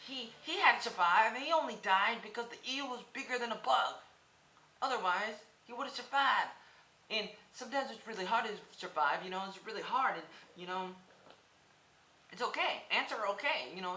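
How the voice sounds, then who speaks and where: A man's voice: high voice, pushed and bright. A man in his twenties rambling through a goofy, tangent-filled casual monologue. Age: 20s. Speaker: vlogger. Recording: echoey room with faint background noise.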